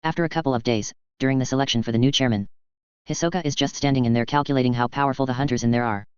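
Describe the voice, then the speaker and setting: Man, audiobook narrator, even reading, dry dull sound. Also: mid-range voice, very fast, clear, resonant tone, no room sound. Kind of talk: reading fan fiction aloud.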